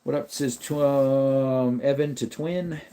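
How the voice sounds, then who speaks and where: A man's voice: medium pitch, fairly even intonation, slow pace, warm tone. Man chatting on a casual livestream. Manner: rambling, talks to chat and to his dog. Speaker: livestream host. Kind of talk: casual livestream chat with viewers.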